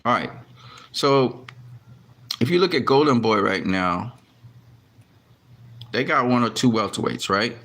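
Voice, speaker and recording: A man's voice: medium pitch, lively intonation, measured pace, long pauses, a bit bright. Fed-up man ranting to his camera. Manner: frustrated, heavy swearing, many restarts. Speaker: boxing commentary vlogger. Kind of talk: casual talk to camera.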